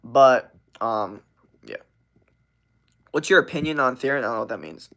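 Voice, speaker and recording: A man's voice: medium pitch, expressive, normal speed, a bit bright. A young adult man livestreaming, telling a rambling, profane story with constant "like" fillers. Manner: rambling and profane, heavy use of "like".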